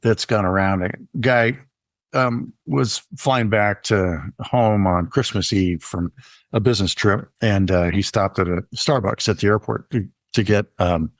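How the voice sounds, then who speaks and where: A man co-hosting a podcast tells stories in a rambling, conversational way, with plenty of ums and uhs. His voice is on the low side and a little slow, captured in a dry, clean studio recording.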